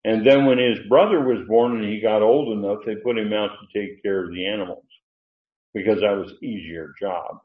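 A man with a fairly low voice preaches through a scripture passage at an unhurried pace. He wanders into side remarks and fills pauses with "uh". The sound is roomy and a little muffled, like a church hall. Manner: unhurried, digressive, many fillers. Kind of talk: sermon, verse-by-verse Bible teaching.

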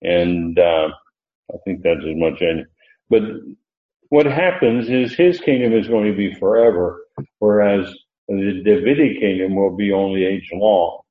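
A man teaching a Bible lesson, reading verses slowly and stressing key words, with frequent "uh" pauses. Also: low voice. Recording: roomy lo-fi recording.

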